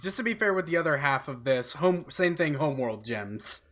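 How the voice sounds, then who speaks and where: A man's voice: a little high, lively intonation, normal speed, crowd noise. A man in casual podcast chat who stammers, repeating words as he gets going.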